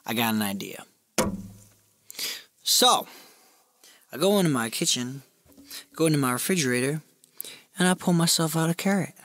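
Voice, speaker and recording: A man telling a crude comic story on a livestream in a brash, animated way. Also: a little high, moderate pace, pauses often, slight background noise.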